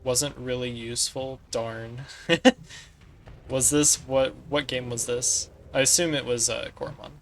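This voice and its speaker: Gravelly-voiced man streaming a strategy game. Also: medium pitch, steady tone, slow, slight background noise. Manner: analytical, talks through tactics while playing; chats with viewers between moves. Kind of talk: casual gameplay commentary.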